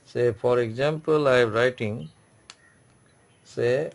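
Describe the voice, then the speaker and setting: Gravelly-voiced man teaching a class. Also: medium pitch. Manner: repetitive, explains slowly with many restarts. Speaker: French teacher. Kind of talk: classroom lecture.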